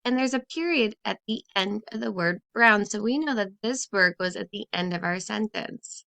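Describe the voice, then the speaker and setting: A woman teacher talks young children through a phonics lesson, spacing each word slowly and clearly. Her pitch moves a lot, and her voice has a touch of gravelly fry. The recording is dry and close, with no room sound. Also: animated, sharp tone, dry recording. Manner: slow, clearly spaced, encouraging teacher voice.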